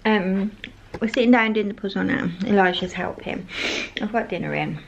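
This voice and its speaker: A chatty woman talks casually to camera in a family home vlog, teasing herself and laughing often. Her voice has a gravelly, creaky edge. The camera audio carries plenty of background noise. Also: medium pitch, a little fast, highs cut off. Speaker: family vlogger, mother. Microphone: compact camera's built-in mic.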